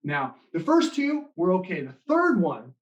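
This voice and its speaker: A man giving a motivational talk to students in an online live session, telling stories with lively acted-out quotes. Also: high voice, unhurried, muffled recording. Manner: animated storytelling, acting out quoted lines. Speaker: motivational speaker.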